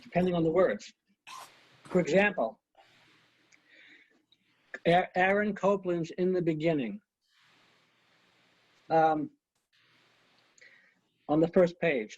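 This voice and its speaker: A man's voice: on the high side, a little mellow, slightly rough, no room sound. A man teaching an online conducting class over a video call, coaching students and counting beats aloud, with chatty asides. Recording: muffled lo-fi video call audio.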